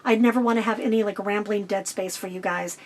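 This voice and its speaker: A middle-aged woman vlogger answering viewer questions about her life on the road, talking fast and getting straight to the point. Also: medium pitch, fairly even intonation, darkish tone. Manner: fast, to-the-point talker who cuts out filler. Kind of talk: casual direct-to-camera Q&A.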